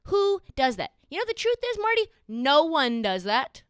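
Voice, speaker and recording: A young woman hosting a sports podcast, talking in a casual, sarcastic and animated way. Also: high voice, no room sound, clean studio sound. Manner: animated, sarcastic, quick asides. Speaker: podcast host.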